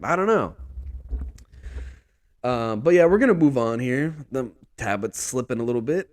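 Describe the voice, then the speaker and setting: A man's voice: mid-range voice, animated, moderate pace, long pauses, darkish tone, no echo. A man hosting a sports vlog, talking in a casual, rambling monologue full of "dude" and "bro".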